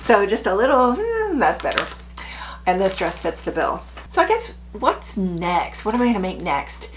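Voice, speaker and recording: A middle-aged woman who vlogs about sewing talks casually to her camera, chirpy and a little self-deprecating, with a faint hum quietly behind her voice. She speaks at normal speed with a medium, expressive pitch.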